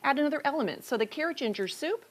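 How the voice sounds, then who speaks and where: A woman's voice: high voice, expressive, very fast. A woman demonstrating recipes as a dietitian guest in a chatty, upbeat TV cooking segment.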